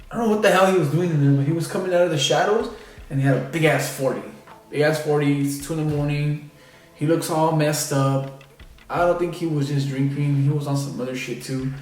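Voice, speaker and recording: A young man telling a personal story in a casual, rambling way, with many fillers. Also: on the high side. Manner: rambling, filler-heavy, lots of "like" and "you know". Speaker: vlogger. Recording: echoey room, distant mic.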